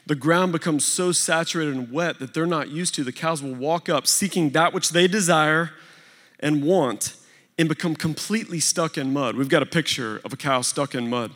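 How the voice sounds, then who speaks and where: A fairly high-pitched man with a drawl preaches to a big congregation, telling a story with animated swings between booming and hushed. His voice rings out with a long hall reverb behind it. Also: moderate pace. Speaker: speaker at a church recovery gathering. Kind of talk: sermon storytelling. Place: large church hall before a big crowd.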